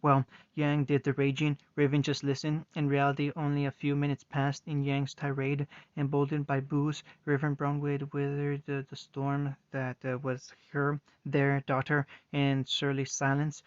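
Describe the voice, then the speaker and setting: A man reading fan fiction aloud, halting with frequent restarts, in a muffled lo-fi recording. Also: mid-range voice, monotone, smooth, dry recording. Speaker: reader.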